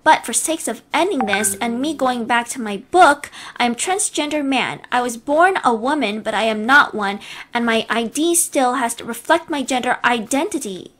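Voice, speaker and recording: A woman's voice: fairly high pitch, lively intonation, moderate pace, a bit bright. A woman voicing a young man who speaks bluntly, out of patience. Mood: exasperated. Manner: blunt, exasperated.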